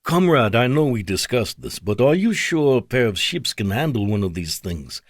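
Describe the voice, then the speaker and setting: Man doing a thick Russian accent, grim wing commander on the radio, ominous, formal, lively pitch. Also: moderate pace, no room sound, clean studio sound. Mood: doubtful.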